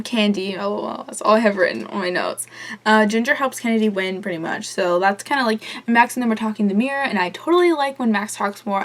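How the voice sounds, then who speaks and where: A young woman recapping a reality show episode as a fan, gushing, rambling and swearing a lot. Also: medium pitch. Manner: rambling with many fillers and asides. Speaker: vlogger reviewing a reality show. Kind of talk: casual fan recap vlog.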